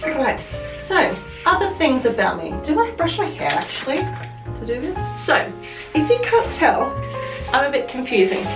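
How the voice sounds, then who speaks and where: A woman's voice: sits high, sing-song, measured pace. A woman with an Australian accent chatting to camera as a vlogger, rambling and correcting herself as she goes. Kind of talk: casual chat to camera. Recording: roomy echo, mic at a distance, music behind. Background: music.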